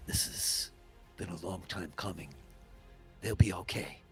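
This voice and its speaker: A man voicing a mysterious ancient male face trapped inside an orb, speaking in a hushed, solemn and reassuring way, as whispered role-play. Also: deep voice, a little slow, faint music behind, pitched below the performer's own voice. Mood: hushed, earnest.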